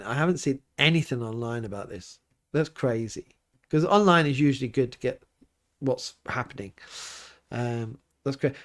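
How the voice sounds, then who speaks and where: A man, a priest hosting a relaxed livestream, reading viewer comments aloud and chatting back with an easygoing, often laughing manner. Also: mid-range voice. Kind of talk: casual livestream chat. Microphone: livestream mic.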